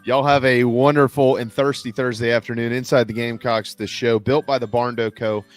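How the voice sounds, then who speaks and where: A man hosts a casual sports radio show, spinning an anecdote at an easy, mid-pitched pace. He talks into a studio microphone, with faint music playing under his voice. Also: little pitch movement, a little fast. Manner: storytelling with Southern "y'all".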